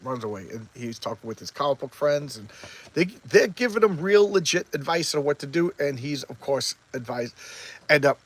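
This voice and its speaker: A man casually reviewing a comic book, talking quickly and excitably with many restarts as he retells the story. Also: on the high side, husky, low-quality recording.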